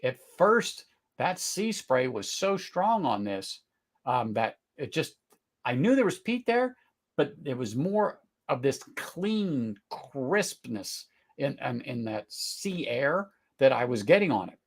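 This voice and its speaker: A middle-aged man hosting a live whisky tasting, talking casually, searching for words, then bursting into excited exclamations. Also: mid-range voice, slow. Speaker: whisky tasting livestream host.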